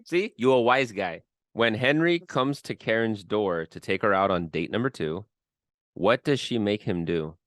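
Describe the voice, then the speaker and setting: A man's voice: lowish voice, expressive, normal speed, fairly bright tone. A man hosting a podcast in casual chat, teasing and quizzing his co-host with amused questions.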